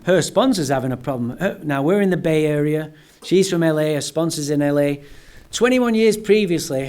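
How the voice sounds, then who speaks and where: Animated, blunt male storyteller. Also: a little high. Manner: animated, blunt, sprinkled with profanity. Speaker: guest speaker at a recovery meeting. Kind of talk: personal storytelling talk to a live audience.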